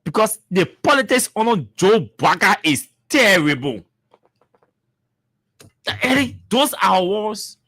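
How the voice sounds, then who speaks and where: A talk-radio host with a Liberian accent delivers commentary with heavy emphasis and lots of repetition. The voice sits at a middle pitch and sounds dry and close. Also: big pitch swings, takes it slowly, long pauses, a bit bright, dry recording.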